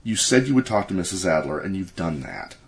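A man's voice: low-pitched, sing-song, fairly quick, creaky, exaggerated voice. A man voicing a tired wife and mother who speaks carefully and straightforwardly.

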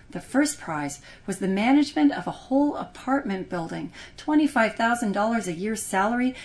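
Woman storyteller, audiobook read, lively and expressive. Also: medium pitch. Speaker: narrator. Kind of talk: audiobook narration.

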